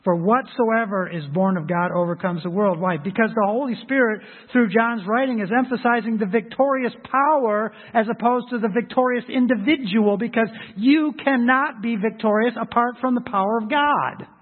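A man's voice: extremely high pitch, moderate pace, hardly any pauses. A male pastor preaching a sermon in a conversational, emphatic way, slipping into short acted asides. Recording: phone-like audio with long hall reverb.

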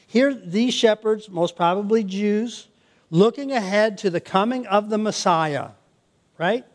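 An older man delivers a sermon in a high, bright-sounding voice. He preaches in an animated way, breaking into laughing asides and playful exclamations. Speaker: pastor.

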